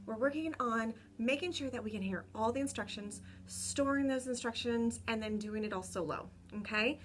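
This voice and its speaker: A young woman teaching a remote lesson to small children. She speaks slowly and clearly, repeating each word and cheering the class on. Her voice sits a little high. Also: slight background noise. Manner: encouraging, slow and clear, repeats words. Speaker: kindergarten teacher. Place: home room with a window.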